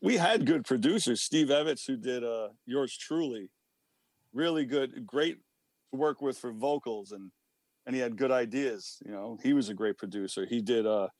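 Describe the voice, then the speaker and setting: A man with a New York accent talks as a guest about his band's records. He tells stories in a lively way, full of asides and laughs. His voice sits mid-range and sounds dry and close. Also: mid-range voice, dry recording. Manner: animated storyteller, quick asides, frequent laughs. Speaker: band singer, guest. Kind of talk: casual interview chat.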